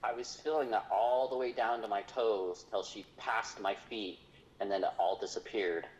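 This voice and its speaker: Low-voiced man telling a story. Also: fairly even intonation, normal speed, muffled recording, slight background noise. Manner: earnest, retelling a story with quoted dialogue. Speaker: guest. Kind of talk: casual storytelling.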